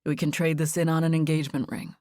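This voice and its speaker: A woman's voice: deep voice, flat delivery, fast talker, a little mellow, no room sound, studio quality, lightly acted. A woman narrator voicing a playful, persistent young man in an audiobook, teasing and easygoing.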